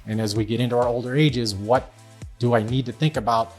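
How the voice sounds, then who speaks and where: A man's voice: mid-range voice, steady tone, brisk, soft background music. Chatty middle-aged man hosting a podcast. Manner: chatty, self-deprecating storyteller. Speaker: podcast host. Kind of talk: casual podcast chat.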